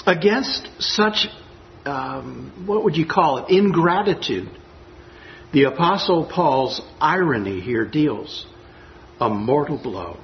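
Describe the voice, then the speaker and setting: Male preacher, earnest and emphatic sermon delivery, slightly high voice; dull recording with faint room hum. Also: expressive, takes it slowly, vocal fry. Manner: earnest, emphatic, reads scripture aloud and reflects on it. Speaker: pastor.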